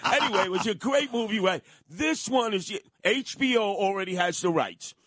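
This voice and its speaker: An older man telling gossipy stories on talk radio, acting out the people he quotes with loud, high exclamations. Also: lively intonation, normal speed, no room sound.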